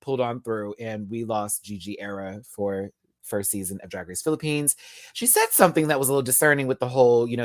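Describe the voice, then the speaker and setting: Male host for a live show recap: sassy, chatty, slang-heavy, mid-pitched, dry close sound. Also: fairly quick, no room sound. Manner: sassy, playful drag slang; chatty, expressive, with laughs. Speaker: YouTube reviewer. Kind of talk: live episode review.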